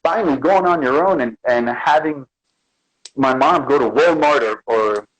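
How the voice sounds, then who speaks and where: A man's voice: medium pitch, moderate pace, poor audio. A man from the Bronx, a guest artist chatting casually in an interview and acting out his stories. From the Bronx, New York. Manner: animated storyteller, acts out quotes.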